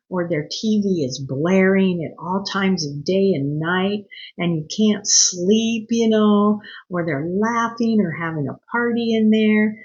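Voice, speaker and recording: A woman's voice: lowish voice, darkish tone, muffled recording. A woman talking casually to her viewers, giving earnest, slightly scolding etiquette advice with chatty asides. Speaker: cruise vlogger. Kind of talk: casual advice talk to camera.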